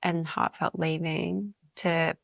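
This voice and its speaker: A woman host asks gentle, hesitant interview questions. Her voice is low and flat with heavy vocal fry. The sound is dry and close. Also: takes it slowly, no echo. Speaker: podcast host.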